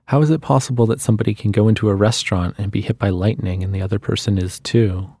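A man reading the lines of a wry, restless adult woman in a short story, in a quiet, musing manner. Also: on the low side, fairly even intonation, fast talker, slightly rough, no room sound, studio quality.

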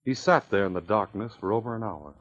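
A man narrating a 1950s radio adventure in a measured storytelling voice. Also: fairly low pitch, animated, a bit bright. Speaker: narrator and announcer. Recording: muffled old radio recording.

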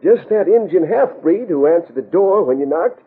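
A man's voice: high-pitched, expressive, normal speed, breathy edge, exaggerated voice. An actor playing an old, sick frontier grandfather with a folksy drawl, in 1950s radio drama style, on a tinny lo-fi old broadcast.

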